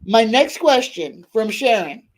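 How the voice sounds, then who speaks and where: Slow, prayerful woman tarot reader. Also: on the high side, very animated. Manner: slow, prayerful invocations and spoken-aloud questions. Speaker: psychic tarot reader hosting a live stream. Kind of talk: livestream tarot reading with guided prayer.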